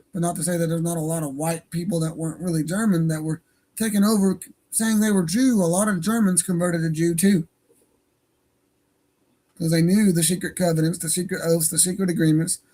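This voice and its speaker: A man's voice: high voice, steady tone, normal speed, mellow. A man hosting an online radio show, talking in a profane, rambling and heated way. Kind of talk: casual ranting monologue. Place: home studio for an online stream.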